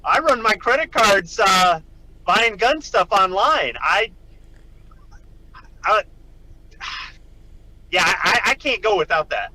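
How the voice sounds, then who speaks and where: A man's voice: sits high, lively intonation, slow, pauses often, sharp tone, poor audio. A man in casual chat, joking and teasing.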